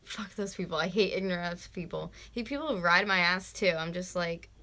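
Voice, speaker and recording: Bright-voiced young woman ranting casually. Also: fairly low pitch, a little fast. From North America. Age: 20s. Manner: ranting, swears freely, fillers like "like"; drops to a whisper at times. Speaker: vlogger. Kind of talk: casual live-stream chat.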